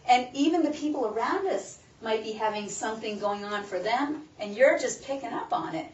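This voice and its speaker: A woman's voice: fairly high pitch, expressive, moderate pace, a little hiss or hum. A woman leads a live workshop on stress, talking through it with lots of questions put to the audience. She sounds far from the microphone in a roomy space. The sound is muffled and a little dull. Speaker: wellness workshop presenter. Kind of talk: live talk to a small audience. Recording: roomy, distant, muffled room recording with faint background.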